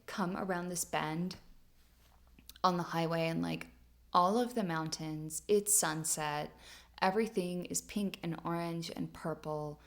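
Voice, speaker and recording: Chatty woman with a gravelly low voice. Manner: chatty, full of "like" fillers, laughs often. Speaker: podcast host. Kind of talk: casual storytelling monologue.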